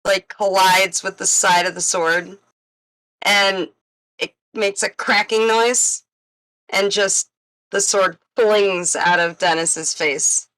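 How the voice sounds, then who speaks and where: Slow-talking woman playing a tabletop game. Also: mid-range voice, fairly even intonation, a bit bright, rough recording. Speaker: player.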